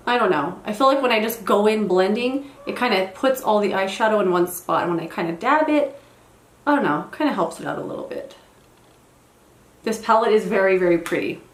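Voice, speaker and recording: In her bedroom at home, a young beauty vlogger chats casually through a get-ready-with-me session, rambling and tossing in self-deprecating asides. Her voice sits in the mid-range and sounds roomy.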